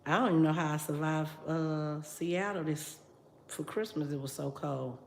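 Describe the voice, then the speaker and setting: A woman's voice: deep voice, fairly even intonation, normal speed, gravelly, darkish tone, roomy sound, slight background noise. A middle-aged woman, chatting casually with her livestream viewers while she cooks. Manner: chatty, talks straight to viewers, reads out comments. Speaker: livestream host. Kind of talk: casual live chat while cooking. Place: home kitchen.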